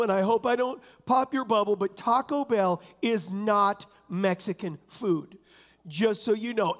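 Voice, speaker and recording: A man pastor preaching a conversational sermon, often asking the congregation questions. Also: very high voice. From San Diego area.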